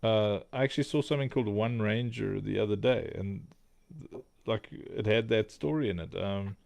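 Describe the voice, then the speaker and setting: Gravelly South African man. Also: fairly low pitch, normal speed, darkish tone, dry recording. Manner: hesitant, searches for words. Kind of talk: casual chat on a call.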